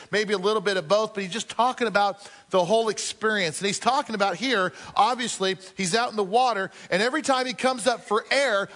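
A man with a high voice delivers an earnest sermon in a church. He questions his listeners directly and slows down to press home his points. The sound carries a long hall reverb. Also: a bit bright. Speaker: pastor.

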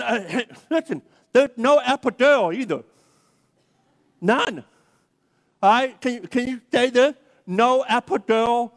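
A man with a strikingly high voice preaches a sermon, telling the story with humor and acting out the quotes. His voice rings out with the long reverb of a large hall.

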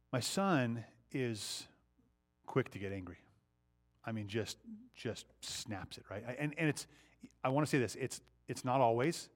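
Conversational man leading a Bible study. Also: medium pitch. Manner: conversational, poses questions to the group. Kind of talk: interactive Bible teaching.

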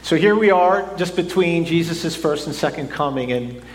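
A man's voice: a little high, expressive, normal speed. A middle-aged man preaching a sermon in a church, talking conversationally and often repeating words as he restarts. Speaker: pastor. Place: church sanctuary. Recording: echoey hall, faint room noise.

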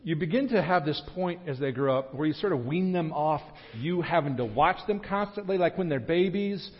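Male pastor, fairly high voice, chatty sermon delivery with joking asides; dull lo-fi church recording. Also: animated. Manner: conversational, with joking asides and quick restarts. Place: church sanctuary. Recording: dull lo-fi sound with a long hall reverb.

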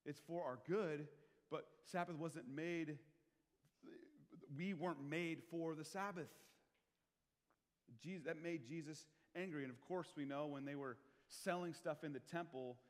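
A male pastor with a fairly high voice preaches to his congregation, asking them questions as he goes. He drops to quiet asides and then presses hard on key points. The sound carries a long reverb from a large church hall. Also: a little slow. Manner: conversational, asks the congregation questions; swings between quiet asides and loud emphasis. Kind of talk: sermon.

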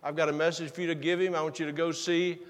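A man's voice: fairly high pitch, level tone, fast. Folksy male preacher in a reverberant church. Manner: casual folksy preaching with paraphrased scripture. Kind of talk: sermon. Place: church sanctuary.

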